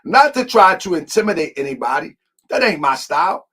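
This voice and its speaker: A man's voice: a little high, sing-song, brisk, sharp tone, slightly rough. A man hosting a heated commentary, repeating his points emphatically and confrontationally. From Baltimore, US. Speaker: host.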